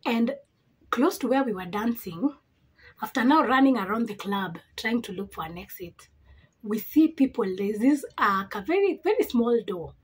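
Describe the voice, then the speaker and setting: A young woman from Africa, a beauty vlogger chatting through an animated storytime while doing her makeup. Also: fairly high pitch, normal speed, husky. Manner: animated storytelling with dramatic reactions.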